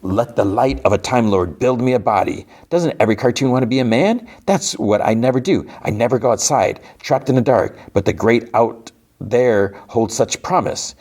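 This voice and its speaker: A man's voice: medium pitch, moderate pace, a little mellow, voice pushed up, natural voice. A man voicing a grandiose male villain, a creature of light who wants a body, speaking in a gushing, theatrical way.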